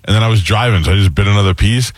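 A man with a low voice talks fast in a casual chat and tells quick stories with dry jokes. The sound is close and dry. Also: no room sound.

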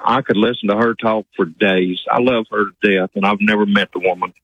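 A man's voice: lowish voice, steady tone, fairly quick, husky. A man, a truck driver calling a radio show, polite and stammering a little. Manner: polite, says "sir", stammers. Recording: muffled phone-line call.

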